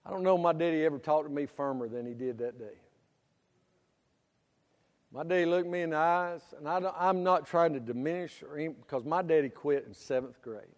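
A middle-aged man preaching a sermon, swinging from loud preaching to quiet storytelling. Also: on the high side, fairly quick. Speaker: pastor. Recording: church hall reverb.

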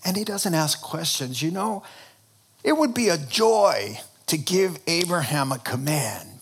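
A man preaching a sermon with a fairly high voice. He tells his points as lively, humorous stories and often restarts his phrases as he goes. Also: unhurried, breathy edge. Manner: animated, humorous storytelling with frequent restarts. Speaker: pastor.

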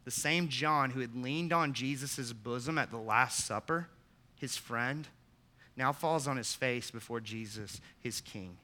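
A man, the pastor, preaching a sermon with earnest emphasis, putting direct questions to the congregation and rising to loud, emphatic peaks. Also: mid-range voice, unhurried. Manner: asks the listeners direct questions.

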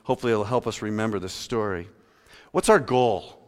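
A male pastor preaching a sermon, talking conversationally and swinging between loud emphasis and quiet asides. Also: lowish voice, a little fast. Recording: long hall reverb.

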